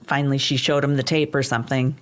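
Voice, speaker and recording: A woman's voice: extremely low pitch, flat delivery, quick pace. A woman co-hosting a podcast, reacting to a true-crime story with blunt exclamations and swearing. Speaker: podcast co-host. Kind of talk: casual true-crime chat.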